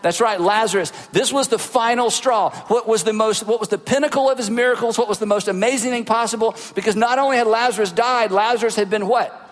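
High-voiced preaching man in a big hall. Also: fairly quick. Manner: animated preaching with rhetorical questions. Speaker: pastor. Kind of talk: sermon. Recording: long hall reverb.

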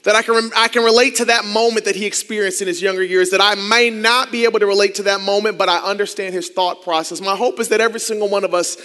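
A man from Ohio telling a personal story in a sermon, acting out quoted dialogue in lively voices. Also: fast talker, hardly any pauses, in a large hall. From Akron, Ohio. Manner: animated, acts out quoted dialogue with big pitch swings. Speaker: church groups director.

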